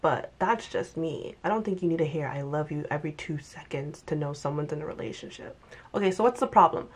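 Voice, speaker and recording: A young woman talking casually into the camera, her voice sitting a little low. She recaps a show in a chatty, lively way and slips into exaggerated voices for quoted lines. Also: fairly quick, husky. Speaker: TV recap vlogger. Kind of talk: casual commentary.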